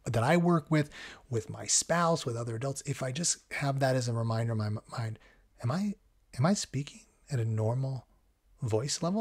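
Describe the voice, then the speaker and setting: A man, hosting a podcast in a calm, conversational, reflective monologue. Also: mid-range voice. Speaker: podcast host.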